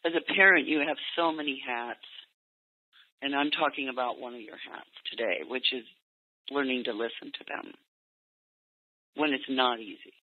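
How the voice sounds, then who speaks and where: A man coaching parents on a call, speaking gently and acting out what parents and teens might say. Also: mid-range voice, normal speed, long pauses. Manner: gentle, acts out parent and teen lines in quotes. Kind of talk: coaching session over a call. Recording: tinny phone line, dry.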